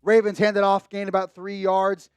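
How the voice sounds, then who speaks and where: A young man hosting a live sports stream, chatting casually about the game and shouting with excitement at big moments, a little hoarse from losing his voice. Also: high voice, normal speed, dry recording. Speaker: sports livestream host. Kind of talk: live game commentary and chat. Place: home streaming setup with a monitor.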